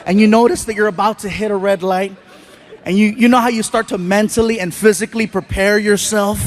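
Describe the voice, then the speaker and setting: Male stand-up comic, high voice, animated storyteller with loud outbursts. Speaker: stand-up comedian. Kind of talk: stand-up comedy routine. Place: stage before a live audience.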